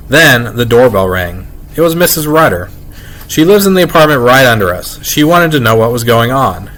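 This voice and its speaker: A man reads a children's chapter book aloud, telling it in a lively, expressive way. His voice sits at an everyday middle pitch. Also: rough recording. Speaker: reader. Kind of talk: reading a children's novel aloud.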